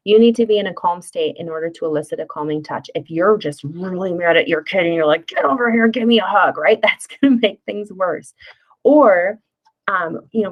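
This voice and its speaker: A woman's voice: fairly low pitch, poor audio. A middle-aged woman presenting a parenting workshop in a friendly, conversational way, with fillers and playful acted-out asides. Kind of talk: casual spoken workshop lesson.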